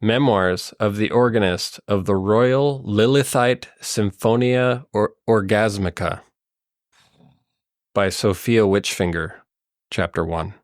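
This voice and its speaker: A man's voice: lowish voice, slow pace, no room sound, studio quality. A man narrating as game master of a tabletop game, meandering and full of ums and likes.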